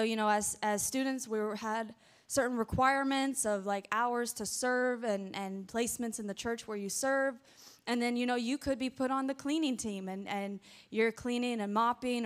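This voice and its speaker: A woman gives a storytelling sermon in a church, her voice smooth and a little high. She talks in a chatty, animated way, full of asides, into a handheld mic. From American South. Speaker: guest preacher. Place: church sanctuary before a congregation. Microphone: handheld microphone.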